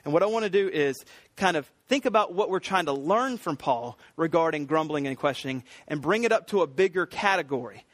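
A middle-aged man preaching a sermon, earnest and emphatic, building to excited peaks. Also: fairly high pitch, a little fast, no echo. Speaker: pastor.

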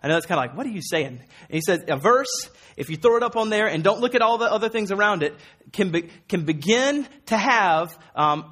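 A high-pitched, somewhat bright male voice belongs to a pastor preaching a sermon. He's earnest and emphatic yet conversational, repeating words and using fillers, quoting Jesus with rising force.

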